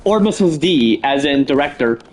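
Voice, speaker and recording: On a live stream, a man casually brainstorms a story, rambling, restarting and repeating "pretty much" often. His medium-pitched voice is expressive at a normal speed, though the audio is poor.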